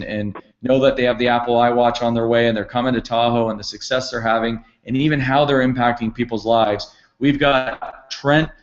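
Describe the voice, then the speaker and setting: A man's voice: medium pitch, dull audio. A middle-aged man hosting a company conference call, speaking in an upbeat, promotional way with frequent fillers. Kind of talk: enthusiastic sales kickoff call. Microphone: conference call line.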